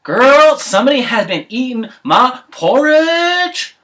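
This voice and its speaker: A man voicing a sassy, scolding mother bear in a high, brassy voice. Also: sing-song, slow pace, sharp tone, heavily acted.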